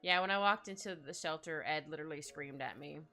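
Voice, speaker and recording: Here a woman with a low, bright, somewhat pushed voice talks a little quickly while drawing on stream. She's an art streamer at her home setup, giggly and meandering as she responds to chat messages. Faint background music can be heard.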